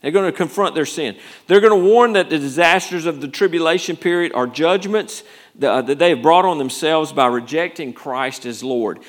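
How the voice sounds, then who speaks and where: A man's voice: fairly high pitch, moderate pace. A male pastor preaching a conversational sermon, rambling through restarts and rising to urgent emphasis.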